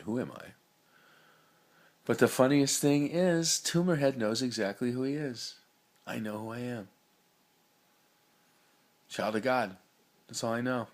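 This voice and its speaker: A middle-aged man with a brain tumor, rambling through his thoughts in a free-associating personal monologue, full of laid-back slang. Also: on the low side. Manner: rambling, free-associating, swings between loud and soft.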